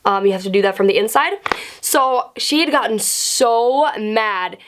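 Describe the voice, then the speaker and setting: Chatty young woman, slightly high voice. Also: measured pace, noisy background. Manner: chatty, profane, animated. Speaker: vlogger. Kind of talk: casual storytime.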